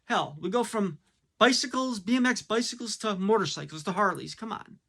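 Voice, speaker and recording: A man's voice: high voice, lively intonation, a little fast, fairly bright tone. A man giving a blunt, casual opinion monologue, full of fillers and rhetorical questions. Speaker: commentator.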